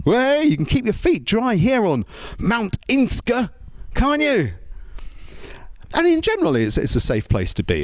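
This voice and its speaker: A male stand-up comedian with a very lively, bouncing pitch, working the crowd with tag questions and stammered restarts. His voice sounds dry and close, with little room to it. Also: dry recording.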